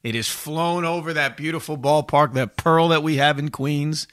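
A man co-hosting sports talk radio, with an excitable, building enthusiasm. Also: fairly high pitch, normal speed, no echo, clean studio sound.

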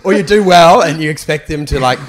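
A man's voice: a little high, a little fast. Rambling, laughing Australian man. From Australia, Perth. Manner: laughs through rambling self-mocking stories. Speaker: guest comedian. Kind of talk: casual podcast chat, storytelling.

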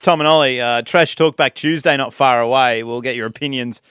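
A man's voice: mid-range voice, brisk, fairly bright tone, clear, resonant tone, dry recording. A man hosting live radio, joking with his co-host and plugging the phone line in a studio. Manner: jokey, plugs the phone line.

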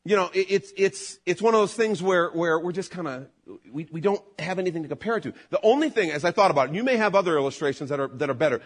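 Husky, animated preacher man. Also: fast. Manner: animated, builds to loud emphatic peaks then drops low. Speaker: pastor. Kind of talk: sermon.

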